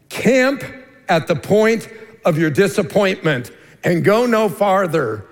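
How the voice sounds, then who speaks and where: A man preaching a sermon as lead pastor, earnest and emphatic, dropping to a hushed tone for key points. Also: fairly high pitch. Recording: long reverb of a large hall.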